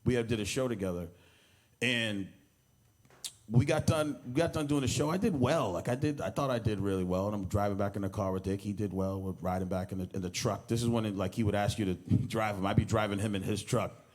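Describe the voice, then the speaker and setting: Low-voiced man telling rambling stories. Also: brisk, darkish tone. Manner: rambling storyteller who acts out quoted lines and laughs as he goes. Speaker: comedian giving a eulogy. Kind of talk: informal anecdotal speech at a memorial. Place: memorial service hall.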